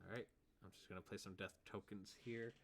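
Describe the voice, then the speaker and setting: A man's voice: lowish voice, steady tone, brisk. A man narrating as game master of a tabletop game, laid-back, chuckling and counting out movement.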